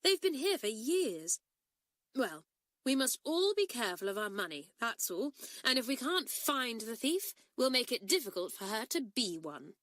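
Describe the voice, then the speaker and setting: A woman's voice: a little high, sing-song, moderate pace, a bit bright, no room sound, voice pushed up. A woman voicing a sensible schoolgirl who speaks emphatically and with indignation. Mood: indignant.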